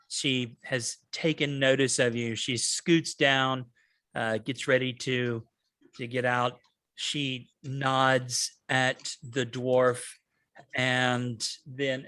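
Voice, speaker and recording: A man's voice: mid-range voice, fairly bright tone, dry recording. A man narrating a tabletop game as game master, in a loose, hesitant way.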